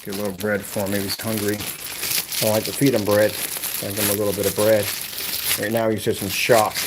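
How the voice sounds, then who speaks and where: A man talking casually to his viewers from his home, rambling and animated. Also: on the low side, a little fast, heavy background noise. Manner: talkative, talks softly to a rescued bird. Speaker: vlogger. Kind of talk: casual vlog talk to camera. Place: at home, indoors.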